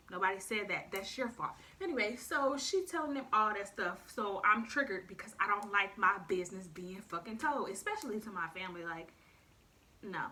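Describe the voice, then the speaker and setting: A young woman telling a storytime vlog, animated and profane, talking straight to her viewers. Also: a little high. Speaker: YouTuber. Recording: slightly distant mic, faint noise.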